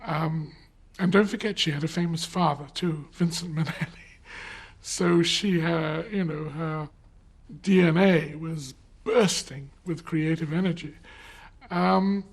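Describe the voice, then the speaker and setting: A man's voice: fairly high pitch, fairly even intonation, unhurried, husky. A man speaking as an interview guest, reflective and hesitant, with many fillers and restarts.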